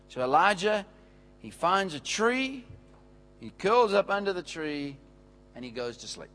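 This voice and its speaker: A high, bright male voice delivering a sermon. He tells the story with lively swings in pitch and gives the characters their own voices as he goes. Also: a little slow, pauses often, slight background noise, low-quality recording. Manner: animated, acts out the characters' lines. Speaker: preacher.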